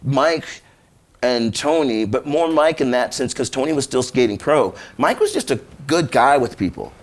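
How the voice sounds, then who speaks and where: A middle-aged man, a podcast guest, chatting casually and telling animated stories. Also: medium pitch, moderate pace. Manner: animated storyteller who acts out quoted dialogue. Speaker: podcast guest, skater and musician. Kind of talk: casual chat.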